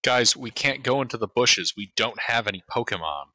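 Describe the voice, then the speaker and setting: A man's voice: mid-range voice, expressive, moderate pace, bright, forceful tone, no echo. A man playing a tabletop game, making jokes in casual chat. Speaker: player.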